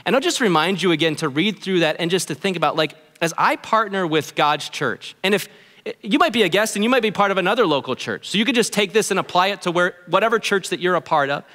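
A male pastor preaching a sermon in an earnest, animated way, voicing what his listeners might think. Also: high voice, quick pace, big-room sound. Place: church auditorium.

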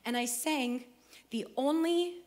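A woman's voice: high-pitched, takes it slowly, darkish tone. A middle-aged woman, a singer, sharing her personal testimony as heartfelt storytelling, acting out her younger self.

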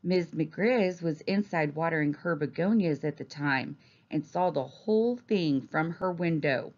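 A teacher reading a storybook aloud in a gentle, expressive manner. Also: female voice, low-pitched, measured pace, muffled recording.

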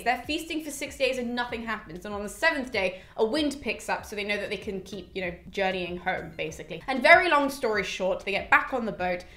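Chatty woman retelling a myth, echoey. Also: on the high side. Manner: chatty, exasperated, animated. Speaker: classics educator, host. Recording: roomy echo.

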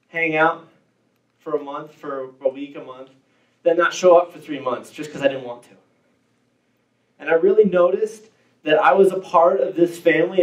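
A young man in his teens giving a casual, joking personal testimony to a church youth group. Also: a little high. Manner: casual, joking, self-deprecating. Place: church youth hall, indoors. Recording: roomy hall, distant mic.

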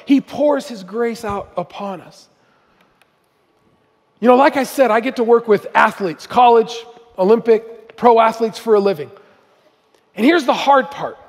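A male guest preacher with a notably high voice delivers an earnest sermon that swells into emphatic peaks. The sound carries the long reverb of a church sanctuary. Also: lively intonation, a little slow, long pauses. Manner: earnest, building to emphatic outbursts. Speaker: guest speaker.

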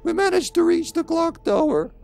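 A man's voice: extremely high pitch, very animated, normal speed, vocal fry, darkish tone, faint music behind, voice pushed up, exaggerated voice. A man voicing a frightened teenage soldier reading his diary entries in a dramatic, strained way. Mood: desperate.

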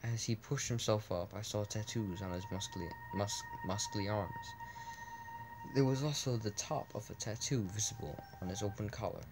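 A man's voice: on the low side, moderate pace, noisy background. A man reading a text adventure game aloud in a casual let's play, often restarting words and adding asides.

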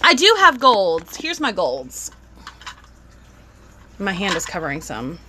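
A woman's voice: medium pitch, wildly swooping pitch, slow pace, bright, forceful tone, a little hiss or hum. A young woman, chatting bubbly on a live stream as she unboxes toys and greets viewers.

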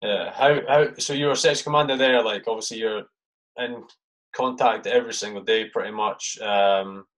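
A man's voice: lowish voice, fairly even intonation, normal speed, a bit bright, low-quality recording. A man hosting a casual podcast interview, rambling with fillers and frequent swearing. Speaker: podcast host.

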